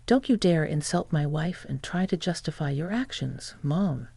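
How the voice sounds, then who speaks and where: A woman's voice: sits low, lively intonation, moderate pace, gravelly, dark tone, husky, dry recording, heavily acted. A woman voicing a furious grown son who scolds his mother in a stern voice.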